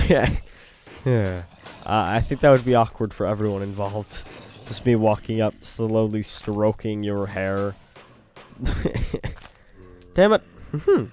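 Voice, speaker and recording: A man's voice: fairly low pitch, sing-song, takes it slowly, pauses often, a little mellow, a little hiss or hum. A young Canadian man with a Canadian accent, rambling goofily as he gives let's-play commentary and toys with words. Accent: Canadian English. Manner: rambling, goofy, plays with words. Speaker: gaming video host.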